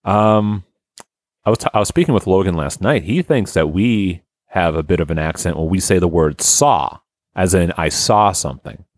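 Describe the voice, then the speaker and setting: A man's voice: low voice, moderate pace, no room sound, studio quality. A man hosting a podcast in casual chat, laughing often and swearing casually. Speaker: podcast host.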